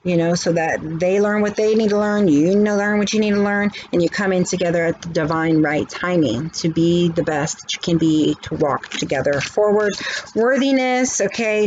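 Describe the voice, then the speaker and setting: A woman's voice: on the low side, a little mellow, muffled recording, slight background noise. A woman, a spiritual reader, talking casually in a preachy pep-talk way, often checking in with "okay". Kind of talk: casual chat.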